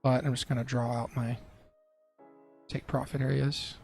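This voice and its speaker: A man's voice: medium pitch, level tone, moderate pace, creaky, a little mellow, faint music behind. A young man who trades live on a stream, chatting casually with his chat and laughing often.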